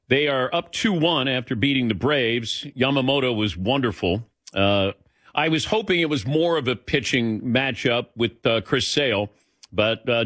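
A man hosting a sports radio show, reading scores and chatting with a guest in a brisk, dry, joking way. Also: mid-range voice, a bit bright, no room sound.

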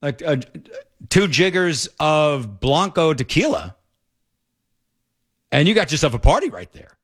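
A man's voice: a little high, big pitch swings, a little slow, husky. A middle-aged man hosting a talk radio show, rambling and sarcastic in an opinionated banter.

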